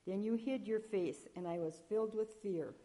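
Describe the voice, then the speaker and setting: A woman reading scripture aloud at a church service, measured, with small slips and restarts. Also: medium pitch, warm tone. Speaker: lector.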